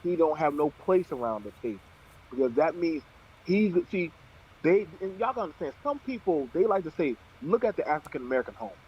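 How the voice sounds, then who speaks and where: Man, show host, fired-up, profane, slightly high voice, husky, muffled lo-fi sound. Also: lively intonation, a little fast. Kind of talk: heated panel talk. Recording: dull lo-fi audio.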